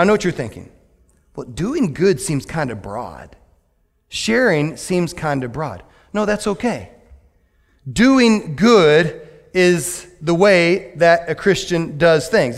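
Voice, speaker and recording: A man preaching a lively, joking sermon as a pastor to his church, with sudden loud outbursts. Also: high-pitched. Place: church sanctuary. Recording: long hall reverb.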